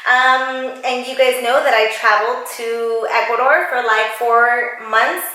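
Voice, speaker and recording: A young woman in a casual, excited vlog, her high voice bubbly and sing-song. Her bright, forward tone bounces around a very echoey room at home. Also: measured pace. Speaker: YouTuber. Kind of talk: casual mukbang vlog chat.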